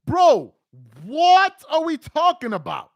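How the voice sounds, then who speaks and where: A man hosting a reaction video, ranting in disbelief with loud outbursts between a played clip. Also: very high voice, sing-song, slow, gravelly, no echo. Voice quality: exasperated, incredulous, loud outbursts.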